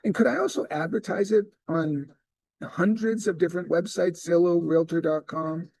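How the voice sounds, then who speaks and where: The speaker, a middle-aged real estate sales trainer, has a high voice with vocal fry and a moderate pace. During his training talk he tells animated stories and voices the dialogue himself, with no echo present.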